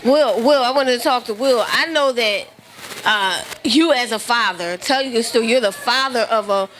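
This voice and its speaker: A woman's voice: on the high side, moderate pace, a bit bright, slight background noise, poor audio. A woman hosting a talk show, encouraging a guest to speak. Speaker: host.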